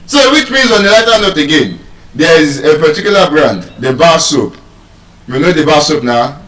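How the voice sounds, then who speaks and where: Nigerian guy teaching a crowd how to say words, playful, repeats stuff slow, sounds far off in a big echoey hall. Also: fairly high pitch, animated, fairly bright tone. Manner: playful, teasing, drills words by slow repetition. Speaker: public speaker teaching pronunciation. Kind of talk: live talk to an audience.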